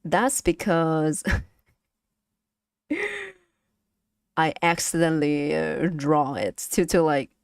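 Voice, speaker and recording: Young woman, Vietnamese accent, casual stream teacher; unhurried and halting, slightly low voice, dry close sound. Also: fairly even intonation, clear, resonant tone, dry recording. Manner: slow, halting, many fillers and repeats, laughs often. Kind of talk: casual language lesson stream.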